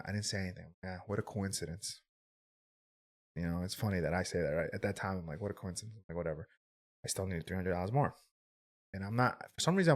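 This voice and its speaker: A man in his twenties telling a personal story on a podcast, candid and rambling, swearing freely and filling his talk with "like" and "right?". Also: fairly low pitch. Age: 20s. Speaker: podcast guest. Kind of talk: casual storytelling.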